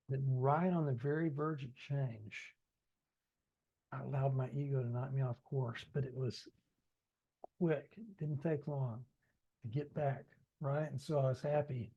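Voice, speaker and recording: A man's voice: mid-range voice, darkish tone, dull audio. Man reading his own book, chatty. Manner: conversational, talks straight to listeners. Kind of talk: audiobook narration with ad-libbed asides.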